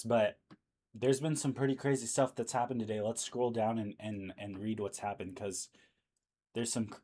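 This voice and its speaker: A news livestream host speaks in a lowish voice with a darkish tone. Casual and full of fillers, he thinks out loud while his voice wears out.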